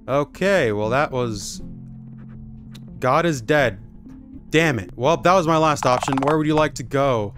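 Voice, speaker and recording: A man's voice: medium pitch, a little slow, pauses often. A man commenting sarcastically and swearing freely as he plays through a game. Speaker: streamer playing a game. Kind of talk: let's play commentary. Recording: game music behind.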